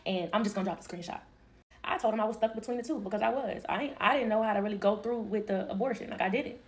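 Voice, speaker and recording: A young woman telling a casual storytime, emphatic and slangy, acting out what others said and laughing often. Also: medium pitch. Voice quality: animated, emphatic, quick to laugh. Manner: slangy and expressive, acting out quoted lines.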